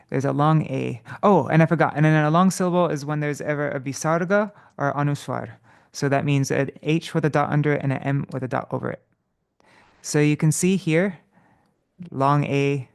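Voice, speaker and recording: A man teaching Sanskrit verse meter in a relaxed, casual way, correcting himself, chuckling, and chanting syllables slowly. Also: medium pitch, creaky, clean tone. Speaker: devotional study teacher.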